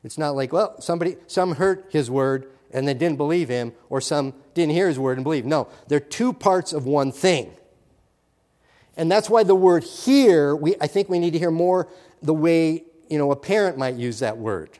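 A male pastor preaching a sermon with emphatic swings between loud and soft, repeating key words. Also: a little high, normal speed. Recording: long hall reverb.

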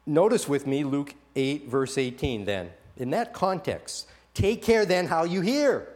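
Pastor, male, slightly high voice, animated sermon delivery with acted-out quotes and restarts. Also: unhurried, few pauses.

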